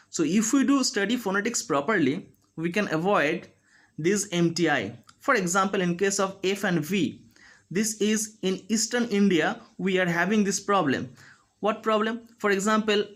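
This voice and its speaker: A man teaching a phonetics lesson, speaking slowly and deliberately and demonstrating each sound. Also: high-pitched, a bit bright. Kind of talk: phonetics lecture.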